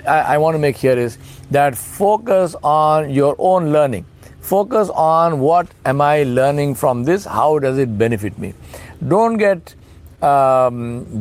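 A man's voice: fairly high pitch, darkish tone. A middle-aged man preaching in a conversational way, asking rhetorical questions and acting out little dialogues. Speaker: Islamic speaker. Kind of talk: informal sermon talk.

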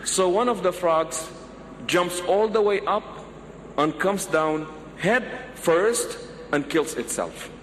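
High-voiced preacher man in a reverberant hall. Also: slow pace. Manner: animated, acts out pleading voices in stories. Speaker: Islamic preacher. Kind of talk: sermon with storytelling. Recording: long hall reverb, faint background noise.

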